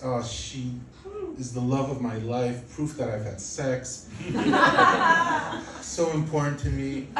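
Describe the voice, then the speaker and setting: A man in his thirties performs stand-up, telling his stories deadpan and getting lively when he acts out other people. His voice sits in a middle register. It is picked up from some way off in a roomy club, with faint ambience behind him. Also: medium pitch, a little hiss or hum. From Poland. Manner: deadpan storytelling, lively bursts while acting out other people. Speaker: stand-up comedian. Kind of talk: stand-up comedy set. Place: comedy club stage with a laughing audience. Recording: roomy, distant club recording.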